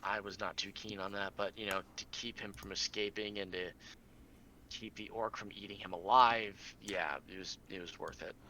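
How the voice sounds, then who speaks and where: Bright-voiced man recapping a tabletop game. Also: lowish voice, fairly even intonation, slight background noise, rough recording. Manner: halting, many ums and restarts. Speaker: player.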